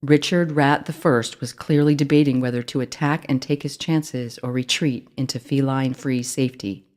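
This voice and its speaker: An author reading their own children's book aloud, in clear, steady storytelling narration. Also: medium pitch, normal speed.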